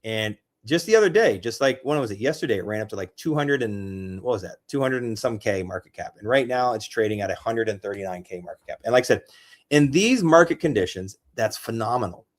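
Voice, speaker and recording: Young adult male, crypto livestream host; casual, excitable, repetitive, loose delivery. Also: fairly low pitch, brisk. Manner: rambling, excitable, repeats himself. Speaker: crypto streamer.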